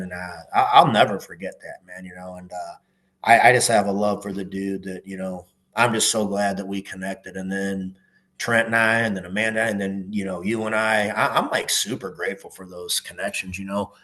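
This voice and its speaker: A man's voice: sits low, fairly even intonation, fairly quick, fairly bright tone, rough recording. A middle-aged man, a former police officer, talking in a casual podcast interview, earnest and emphatic, swearing freely.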